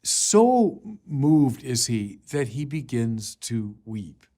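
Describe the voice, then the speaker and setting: Slow, deliberate male preacher. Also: medium pitch, very animated, mellow. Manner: slow, deliberate, rising to emphatic declarations. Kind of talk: sermon.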